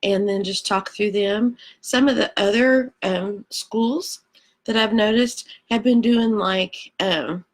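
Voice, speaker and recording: A woman's voice: mid-range voice, takes it slowly. A woman teacher talking to kids and parents before a read-aloud lesson, chatty with many ums.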